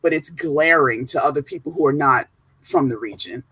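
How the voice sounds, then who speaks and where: Husky-voiced New Jersey woman, dry sound. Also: sits low, moderate pace, no room sound, poor audio. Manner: animated storyteller, laughs often. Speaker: guest author and teacher. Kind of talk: casual live-stream chat.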